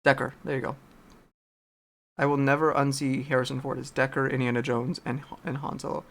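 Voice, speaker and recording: Brief: gravelly guy streaming his hobby, loose rambling chat, keeps losing his words. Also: medium pitch, little pitch movement, a little fast. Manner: rambling, searching for words, swears. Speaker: streamer painting a miniature. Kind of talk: casual chat while painting.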